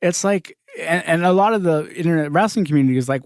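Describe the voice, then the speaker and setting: A man's voice: on the high side, fast talker, hardly any pauses, no room sound, clean studio sound. A man hosting a casual podcast, talking in an opinionated, conversational way and laughing often. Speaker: podcast host.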